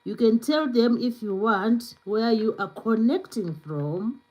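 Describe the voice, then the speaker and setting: A woman's voice: on the high side, lively intonation, slow, a little mellow, rough recording. Woman, live stream host, casual chat, filler-heavy, answers viewer comments. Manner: chatty, filler-heavy with many "you know"s.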